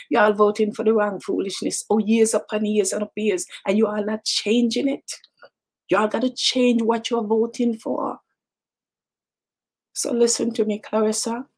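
A woman's voice: lowish voice, a little mellow, husky. A middle-aged woman with a Jamaican accent hosting a talk show, chatting and teasing in a casual monologue that mixes in patois and repeats words.

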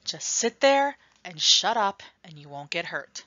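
A woman reading aloud, voicing an older teenage boy gunman who stays calm and gives firm orders. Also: on the low side, normal speed, lo-fi sound.

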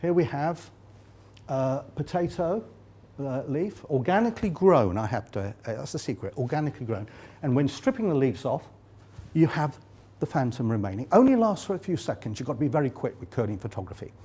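A man's voice: medium pitch, animated, a little fast, mellow, breathy edge. Chatty older Englishman giving a lecture. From England. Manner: chatty and joking, many fillers. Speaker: conference lecturer. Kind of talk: live conference lecture with slides. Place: conference hall.

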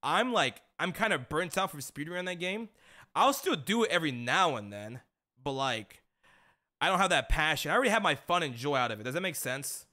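A young man from a Mexican-American family streams casually, his fairly high, sing-song voice moving fairly quickly with a sharp tone. Laid-back and full of slang, he tells a funny story about his dad and laughs at his own jokes.

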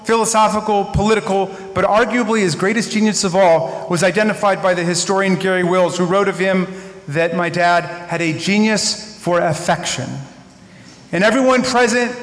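Man, 50s, eulogist with earnest, wryly humorous storytelling, high voice, podium mic in a big reverberant hall. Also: fairly bright tone. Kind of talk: memorial tribute speech. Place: large synagogue hall. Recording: echoey hall with long reverb.

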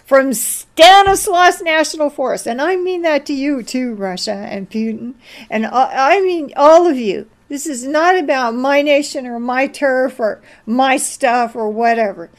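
Slow-speaking woman preaching. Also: sits high. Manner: slow, storytelling, exhorting. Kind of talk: informal sermon with a film anecdote.

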